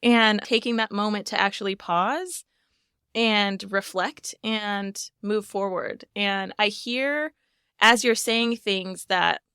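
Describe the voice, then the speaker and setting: A woman's voice: medium pitch, slow pace, smooth, dry recording, clean studio sound. A woman in her thirties hosting a podcast, chatty and laughing often as she talks. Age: 30s. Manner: chatty, warm-hearted, laughs often, many "like" fillers. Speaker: podcast host. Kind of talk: casual conversation.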